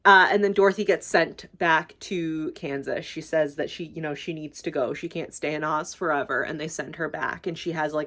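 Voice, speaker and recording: A woman's voice: deep voice, steady tone, normal speed, hardly any pauses, fairly bright tone. A young woman YouTuber casually recapping a movie, rambling and gushing, swearing freely and filling with "like".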